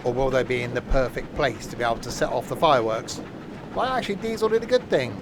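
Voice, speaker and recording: A man's voice: mid-range voice, animated, quick pace, noisy background. A man chatting casually while live-streaming a train game, with joking asides.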